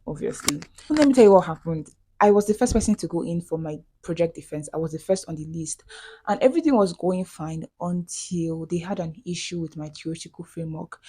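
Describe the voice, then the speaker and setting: A woman's voice: lowish voice, dark tone, slightly rough. A young woman in her twenties with a Nigerian accent, talking casually in a vlog voiceover, chatty and prone to repeating herself. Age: 20s. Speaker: vlogger.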